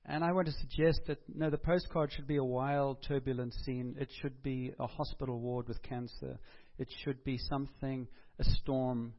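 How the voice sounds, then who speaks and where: A man's voice: mid-range voice, steady tone, normal speed, few pauses. A man preaching a sermon in an earnest, conversational way, asking his listeners rhetorical questions. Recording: dull lo-fi recording.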